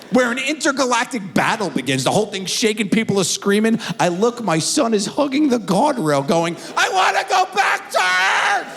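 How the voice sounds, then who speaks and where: A middle-aged man performing a stand-up comedy routine, telling a story with animated delivery and acted-out voices. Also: high-pitched, long reverb tail.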